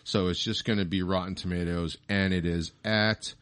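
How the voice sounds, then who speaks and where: A man's voice: deep voice, steady tone, normal speed, fairly bright tone, smooth. A man co-hosting a podcast, ranting with heavy swearing in a casual movie review chat. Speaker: podcast co-host.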